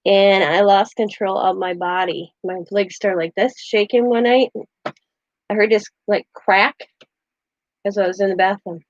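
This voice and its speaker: A woman's voice: mid-range voice, steady tone, measured pace, no echo, highs cut off. A woman hosting a casual craft livestream, rambling through stories and laughing often. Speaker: craft channel host.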